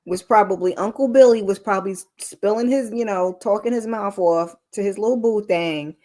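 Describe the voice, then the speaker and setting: A woman's voice: medium pitch, a little mellow. A woman in a casual live-stream discussion, emphatic and conversational. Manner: emphatic, conversational, drawn-out phrasing.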